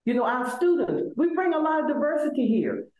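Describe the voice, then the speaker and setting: An older woman from Selma, Alabama with a Southern accent, speaking as a guest in an interview, animated and emphatic, often repeating words as she builds a point. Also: high voice, fairly quick, slight background noise. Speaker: law school administrator, guest. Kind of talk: conversational interview. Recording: echoey room.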